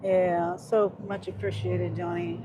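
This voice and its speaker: Slow-talking woman livestreaming from her car. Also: fairly low pitch, little pitch movement. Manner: reads viewer comments aloud while chatting. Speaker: delivery driver livestreaming. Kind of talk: casual live stream chat. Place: inside a car while driving. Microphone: phone mounted on the dash. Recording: noisy in-car phone recording.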